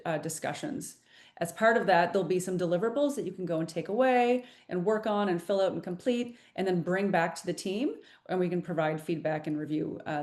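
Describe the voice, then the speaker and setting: A woman's voice: fairly low pitch, darkish tone, roomy sound. A woman presenting an informational webinar, explaining the program in a loose, conversational way with many fillers and restarts.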